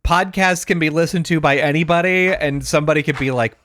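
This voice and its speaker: A fairly high-pitched man chatting loosely on a podcast, wandering through his points with frequent laughter. His voice sits close and dry, with no room around it. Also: brisk, a bit bright, no echo. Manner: rambling, laughs often. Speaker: podcast co-host. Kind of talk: casual chat.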